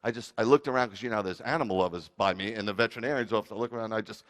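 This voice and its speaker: A man's voice: fairly low pitch, racing, few pauses. A man preaching a sermon as rabbi, telling funny stories with jokey asides. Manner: animated storytelling with jokey asides.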